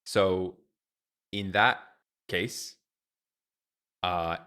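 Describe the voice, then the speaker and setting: A man's voice: low-pitched, fairly even intonation, drawn-out words, sharp tone, smooth. A young adult man streaming live, ranting in an exasperated way with lots of fillers and restarts.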